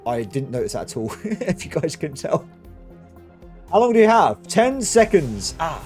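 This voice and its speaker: A man giving excitable game commentary, talking to himself and his viewers as he plays. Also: fairly high pitch, measured pace, soft background music. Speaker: gaming channel host.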